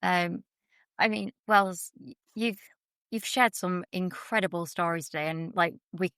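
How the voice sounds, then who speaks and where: A woman's voice: fairly low pitch, measured pace, fairly bright tone, clear, resonant tone, dry recording, clean studio sound. A woman co-hosting a podcast, asking casual, chatty questions. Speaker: podcast co-host. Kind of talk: casual interview chat.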